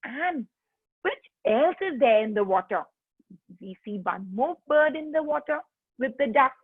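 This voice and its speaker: Woman kids' teacher, sing-song and coaxing, fairly high voice, dry close sound. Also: expressive, measured pace, slightly rough, dry recording. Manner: coaxing, sing-song, getting kids to join in. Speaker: teacher of young children. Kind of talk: online kids' lesson. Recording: tinny phone-like line.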